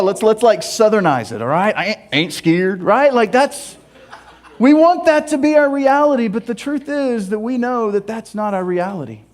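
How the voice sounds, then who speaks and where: A man with a notably high voice delivers a sermon. He tells stories with animated humor and slips in playful asides. His delivery moves between quiet confiding stretches and lively bursts. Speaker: pastor.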